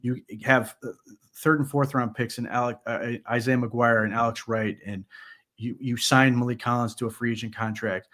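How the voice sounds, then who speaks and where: A man breaks down a football game on a post-game podcast. He talks conversationally and gets animated as he builds his points, often restarting his phrases. His voice sits in an ordinary middle pitch. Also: moderate pace. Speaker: sports podcast co-host. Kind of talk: post-game sports analysis.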